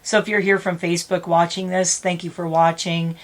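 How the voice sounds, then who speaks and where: A woman's voice: on the low side, level tone, fairly quick. A middle-aged woman vlogging casually, rambling and close to tears, laughing through emotion. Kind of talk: emotional casual vlog talk.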